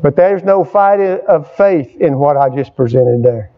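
At a church service with an answering congregation, an older pastor preaches at normal speed in a slightly high, animated voice. His call-and-response style prompts amens, and his phrasing is repetitive and emphatic; the recording is dull and lo-fi.

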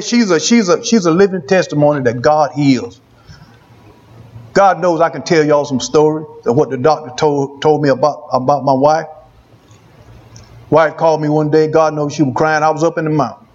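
A man's voice: on the high side, darkish tone, highs cut off. A man preaching a testimony sermon, repeating phrases for emphasis.

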